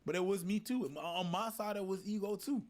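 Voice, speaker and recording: A man's voice: high-pitched, fairly quick. A man talking candidly as a guest in a casual podcast discussion, owning up to his own ego.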